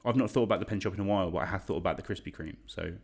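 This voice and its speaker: Quiz host, young English man, deep voice, casual and chatty, pokes fun at himself. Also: rapid-fire, gravelly. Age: young adult. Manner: chatty, self-deprecating, reads shout-outs. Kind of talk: casual quiz hosting livestream.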